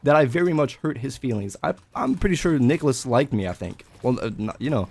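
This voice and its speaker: A young adult man telling a personal story in a casual vlog, animated and swearing. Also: mid-range voice, brisk, vocal fry. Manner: animated, swearing, breaks into laughter. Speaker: vlogger.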